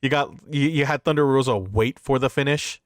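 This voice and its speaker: A man's voice: medium pitch, fairly quick, no echo, clean studio sound. A man co-hosting a wrestling review podcast, recapping matches in a rambling, profane, casual way. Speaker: podcast co-host.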